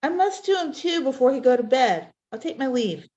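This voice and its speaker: A woman's voice: high voice, very animated, fairly quick, a little mellow, lo-fi sound. A woman reading the part of a dutiful courtier knight in an amateur Shakespeare reading, speaking the verse earnestly and plainly. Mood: urgent. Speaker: reader in a play reading.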